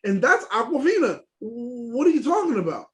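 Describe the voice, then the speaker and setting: A man's voice: very high-pitched, very animated, moderate pace, fairly bright tone. A man from Haiti, co-hosting a casual podcast, talking bluntly and animatedly and swearing freely. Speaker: podcast co-host.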